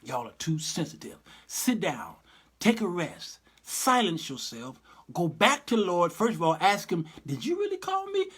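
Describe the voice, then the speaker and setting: A man hosting his own livestream commentary, lively and sermon-like in his delivery. His voice sits fairly high for a man. His talk is folksy and direct. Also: measured pace, husky. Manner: animated, preachy, folksy. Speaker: host and Bible teacher.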